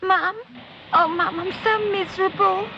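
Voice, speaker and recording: A woman's voice: very high voice, steady tone, normal speed. A woman playing a tearful young married daughter crying down a telephone line. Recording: crackly phone line on old TV recording.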